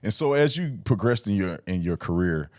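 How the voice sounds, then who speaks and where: Very deep voiced guy hosting, halting questions, thinks out loud. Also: expressive, no echo, studio quality. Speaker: podcast host. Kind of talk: casual interview talk.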